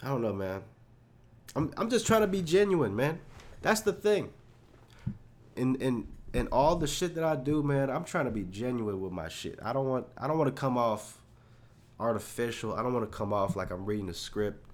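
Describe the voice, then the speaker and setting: A man's voice: medium pitch, expressive, moderate pace. Rambling profane young man, solo podcast. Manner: rambling, profane, self-deprecating, filler-heavy. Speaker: podcast host.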